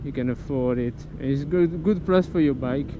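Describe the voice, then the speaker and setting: A man's voice: mid-range voice, normal speed. A man with a French accent, talking casually and rambling while riding a motorcycle, correcting himself and swearing freely. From France. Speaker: motovlogger. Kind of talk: casual riding vlog talk. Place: on a motorcycle in city traffic outdoors. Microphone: helmet-mounted action camera. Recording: dull action-camera audio with loud traffic noise. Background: traffic and engine noise.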